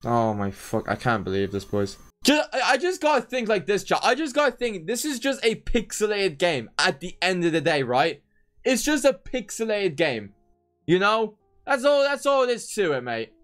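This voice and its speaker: A man's voice: high-pitched, sing-song, normal speed, fairly bright tone, soft background music. A young man streaming a football game live, talking to his chat with theatrical, repetitive despair and swearing. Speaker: gaming streamer.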